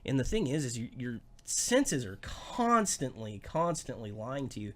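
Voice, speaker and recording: A man hosting a podcast in casual chat, cracking dark deadpan jokes. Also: mid-range voice, measured pace. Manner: joking, dark deadpan humor. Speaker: podcast host.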